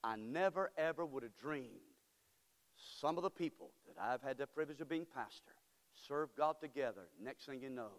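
A man preaching a sermon as pastor, moving from quiet storytelling to shouted, impassioned praise. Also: medium pitch, moderate pace. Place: church sanctuary. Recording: church hall with long reverb.

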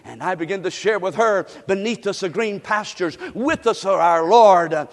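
A man's voice: high-pitched, normal speed, in a large hall. A man from the United States preaching a sermon, leading his congregation in call-and-response. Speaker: pastor.

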